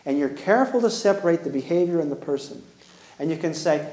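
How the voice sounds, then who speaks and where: A man's voice: a little high, expressive, quick pace, dark tone, echoey room, low-quality recording. A man giving an earnest talk to an audience, pleading with them and asking them direct questions. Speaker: speaker giving a parenting talk.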